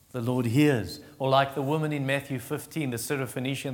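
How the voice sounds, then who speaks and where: A man preaches a sermon in a steady tone, his voice trailing off into a long reverb tail. He retells Bible stories and acts out the characters' pleas in a raised pitch, turning quiet and slow when offering comfort. While teaching he halts and restarts often.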